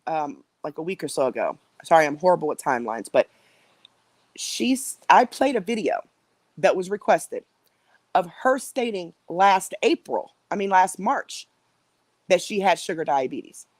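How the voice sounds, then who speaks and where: A middle-aged woman with a drawl talks straight to her livestream viewers in a loose, rambling way. Her voice sits a little low, and the sound is close and dry with no room echo. She fills her sentences with ums and restarts. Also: sing-song, normal speed. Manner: chatty, rambling, with frequent fillers and restarts. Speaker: livestream host. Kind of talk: casual livestream commentary.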